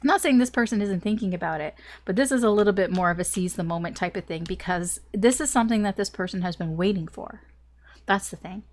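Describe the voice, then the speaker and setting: A woman's voice: medium pitch, fast talker. A young woman doing a casual tarot reading, chatty and rambling with lots of "like" and small laughs, a little choked up with a cough. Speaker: tarot reader.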